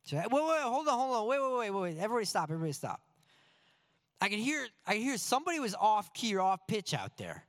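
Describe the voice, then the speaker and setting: A man doing a brisk, high-voiced music teacher. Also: wildly swooping pitch, a bit bright, exaggerated voice. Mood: commanding. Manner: falsely breezy, then flustered.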